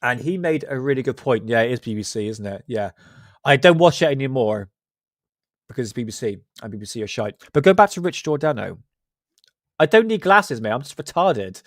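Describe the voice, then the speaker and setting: A livestream host from Southwest England with a West Country accent chats casually in joking, sweary, self-mocking banter. His medium-pitched voice is a little fast with lively intonation, captured in a dry, studio-quality recording.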